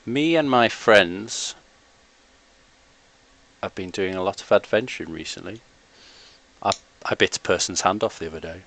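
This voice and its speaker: A man playing a drunken character in a tabletop game, talking in a deadpan, playful way. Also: deep voice, moderate pace, pauses often, slight background noise. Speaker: player.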